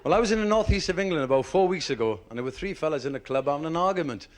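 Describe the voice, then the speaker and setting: A man's voice: fairly high pitch, expressive, rapid-fire. A man telling jokes, chatty, in broad northern dialect. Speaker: stand-up comedian. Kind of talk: joke telling.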